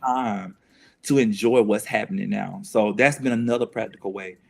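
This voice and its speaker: A man's voice: on the low side, normal speed, gravelly. A man, speaking as a guest in an earnest, reflective conversation, often restarting and repeating phrases as he works through his thoughts.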